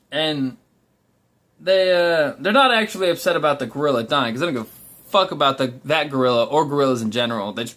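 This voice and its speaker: A young man with a high voice rants casually to the camera. He is blunt and profane, and he keeps restarting his sentences as he rambles. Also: fairly bright tone. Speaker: vlogger. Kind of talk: casual ranting monologue.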